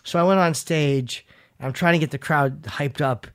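A man's voice: on the high side, moderate pace, no room sound, studio quality. A man hosting a podcast, telling rambling self-mocking stories in casual chat and swearing freely. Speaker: podcast host.

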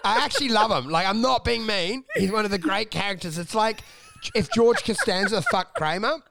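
A man, a comedian telling animated stories in casual chat, cursing freely and mimicking people. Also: normal speed, vocal fry, a little hiss or hum. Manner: animated, swearing, mimics people with loud high voices. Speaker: comedian and podcast co-host.

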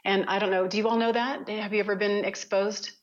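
A woman guest on an interview podcast, telling personal stories in an animated, conversational manner. She laughs often and acts out quotes. Her mid-pitched voice sounds slightly muffled. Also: a little fast.

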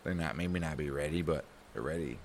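A man's voice: rumbling low, brisk, creaky, a little hiss or hum. A man co-hosting a history podcast, rambling and swearing as he acts out imagined scenes. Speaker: podcast co-host. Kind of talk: casual history podcast banter.

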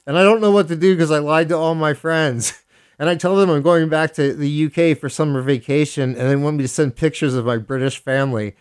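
A man's voice: fairly high pitch, steady tone, a little fast, clean tone. A male radio DJ host reading a listener's confession aloud, then giving playful, mock-solemn commentary with frequent chuckles.

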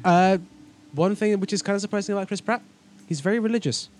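A man's voice: high-pitched, quick pace, darkish tone, a little hiss or hum. A man co-hosting a casual podcast chat, blunt and sarcastic, swearing freely. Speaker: podcast co-host.

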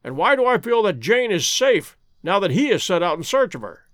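A man's voice: high voice, sing-song, brisk, a bit bright, no echo, clean studio sound. A man doing a fussy old professor. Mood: bewildered. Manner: fussy, exclamatory.

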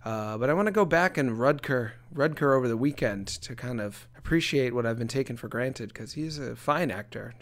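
A man co-hosting a casual comedy chat, relaxed, letting his sentences trail off softly. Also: medium pitch, normal speed, few pauses. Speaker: podcast co-host.

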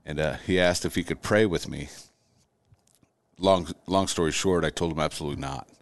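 A middle-aged man, a guest, telling his own story in conversation, halting and repeating words as he goes. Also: extremely low pitch, no room sound.

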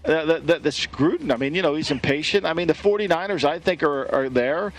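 A man's voice: a little high, fairly quick. A man co-hosting a sports show, talking loosely and restarting his sentences as he thinks. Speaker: show co-host. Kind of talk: casual sports talk.

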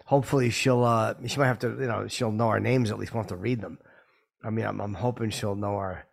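A man's voice: fairly low pitch, fairly even intonation, brisk, gravelly. A man co-hosting a podcast over a video call, teasing in a dry, understated way. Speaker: podcast co-host. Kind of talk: casual chat.

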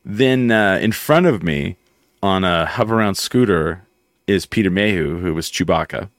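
A man hosting a casual chat show, telling stories in an animated, filler-heavy way. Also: deep voice, moderate pace, no echo, clean studio sound. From near West Texas. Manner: animated storyteller, many fillers. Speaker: host.

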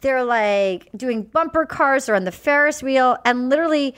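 A woman's voice: sits high, moderate pace, smooth. A woman co-hosting a podcast, chatting casually and laughing as she recaps a dating show and acts out the people in it. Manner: animated, laughing, acts out quotes in voices. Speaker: podcast co-host.

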